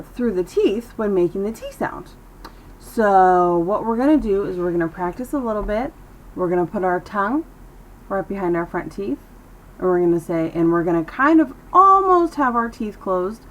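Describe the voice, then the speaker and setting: A woman teaching a pronunciation lesson, slow and careful, repeating sounds for the learner. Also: lowish voice, rough recording.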